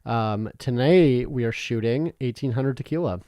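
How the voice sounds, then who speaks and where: Young man from Canada, podcast co-host, loose rambling chat, medium pitch, dry close mic. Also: moderate pace, warm tone, no room sound. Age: young adult. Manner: rambling, laughs often, swears casually. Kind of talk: casual chat.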